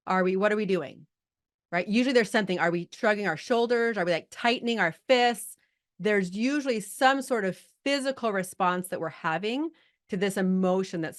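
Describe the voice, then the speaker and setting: A woman's voice: mid-range voice, a bit bright. A middle-aged woman leading a live coaching call, chatty and filled with likes and rights as she talks straight to her group. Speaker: business coach.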